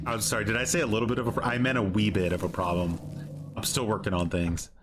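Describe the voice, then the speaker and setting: A man's voice: lowish voice, level tone, fast talker, background noise. A man chatting casually and teasing while streaming a game live, joking around and trying out playful phrases.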